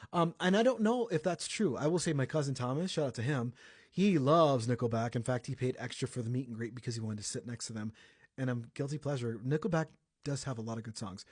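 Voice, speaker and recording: A young American man runs a casual celebrity news podcast in a chatty, joking way, often correcting himself. His voice sits in a middle pitch. The sound is dry and close to the mic. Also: darkish tone, breathy edge, no room sound. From United States. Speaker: podcast host.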